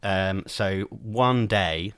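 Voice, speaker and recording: A man's voice: lowish voice, extremely slow, a bit bright, clean tone, no echo. A man co-hosting a podcast, chatting casually and hesitantly with many ums. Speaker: podcast co-host. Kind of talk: casual chat.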